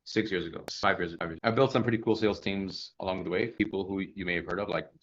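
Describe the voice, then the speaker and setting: A man in his thirties, a sales coach giving casual feedback, who talks fast and animatedly and acts out sample questions. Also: low-pitched, steady tone, highs cut off.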